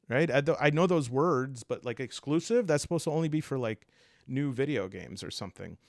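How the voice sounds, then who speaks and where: Animated, jokey man explaining ideas. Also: mid-range voice, moderate pace, pauses often, dry recording, studio quality. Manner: animated, digressive, jokey, with asides and laughs. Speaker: podcast host. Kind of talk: casual explanatory monologue.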